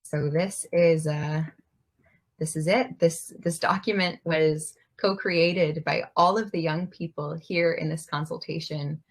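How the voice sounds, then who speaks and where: A young woman presents at an online event. Her voice is low for a woman. She speaks in a gracious, measured way over a video call. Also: fairly even intonation. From United States. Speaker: youth climate activist, presenter. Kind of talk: formal introduction at an online event.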